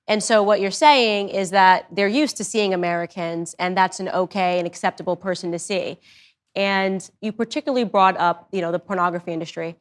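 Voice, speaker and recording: A woman's voice: mid-range voice, fairly even intonation, moderate pace. A woman in her thirties hosting a podcast interview, asking questions in an earnest, emphatic way. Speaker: podcast host. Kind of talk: interview conversation.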